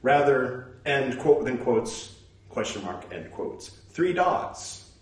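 A man's voice: mid-range voice, very animated, takes it slowly. A man reading a religious text aloud, speaking punctuation marks and stopping for casual musing asides. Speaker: scripture reader. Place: room at home. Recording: echoey room, mic far off.

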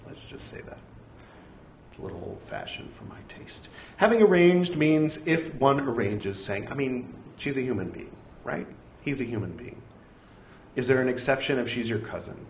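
In an echoey room with faint background noise, a man recites scripture at a moderate pace, his lowish voice showing vocal fry. He reads out the punctuation and interrupts himself with wry, self-deprecating apologies.

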